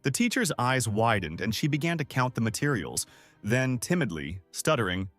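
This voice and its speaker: Male recap narrator, lively scripted storytelling, mid pitch, animated. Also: moderate pace, no echo, soft background music.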